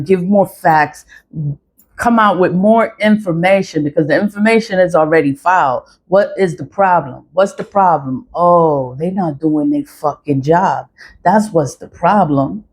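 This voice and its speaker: A woman's voice: fairly low pitch, unhurried, a little mellow. A woman ranting to camera in a casual vlog, blunt and frustrated, swearing often and repeating phrases for emphasis. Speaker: vlogger.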